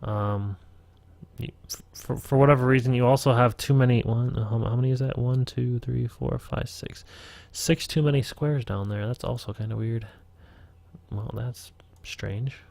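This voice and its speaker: A man with a gravelly voice talks through a live tutorial at his computer, casual and profane, often muttering to himself. The sound is close and dry with no room. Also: medium pitch, steady tone, normal speed, a little mellow, no room sound. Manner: rambling, profane, self-talking. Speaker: game master streaming a tutorial.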